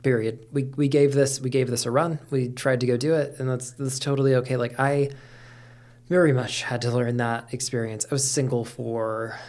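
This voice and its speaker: A man's voice: mid-range voice, flat delivery, normal speed, a little mellow. A middle-aged man talking candidly as a podcast guest, with lots of fillers and casual swearing. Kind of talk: casual conversation.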